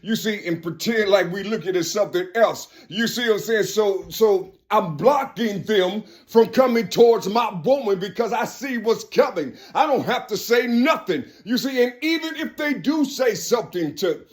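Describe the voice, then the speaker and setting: A man's voice: lively intonation, moderate pace, few pauses. A man talking straight to camera in a rambling monologue, constantly adding "you see" and "you know," restarting phrases and breaking into laughs. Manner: laughs between phrases, drops suddenly low and quiet. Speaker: vlogger.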